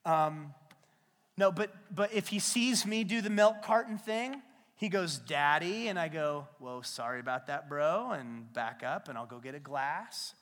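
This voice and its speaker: A man preaching a sermon as a pastor, retelling scripture as a lively, slangy story. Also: high voice, measured pace. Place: church sanctuary. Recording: long hall reverb in a church.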